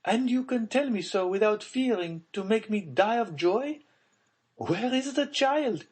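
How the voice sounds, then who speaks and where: Audiobook: grieving baroness, high and trembling, anguished pleas, voiced by a male narrator. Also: animated, measured pace, a little mellow, husky, exaggerated voice. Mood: pleading. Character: distraught noble mother, grieving baroness.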